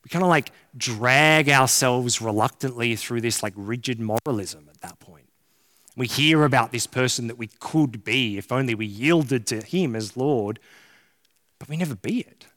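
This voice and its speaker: A man's voice: mid-range voice, normal speed, a bit bright. A man preaching a sermon as a pastor, casual and joking, full of slang. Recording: long hall reverb.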